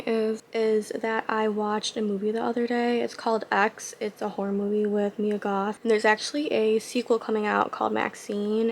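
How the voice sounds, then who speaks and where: Chatty young woman with a gravelly edge. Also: mid-range voice, a little mellow, slight background noise. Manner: chatty, rambling with many "like" fillers. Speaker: vlogger. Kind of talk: casual vlog chat.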